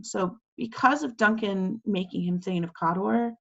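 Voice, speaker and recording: A woman's voice: mid-range voice, measured pace, creaky, lo-fi sound. A woman teacher talking a class through quiz questions over a video call in a casual, chatty way, with lots of fillers and acted-out quotes.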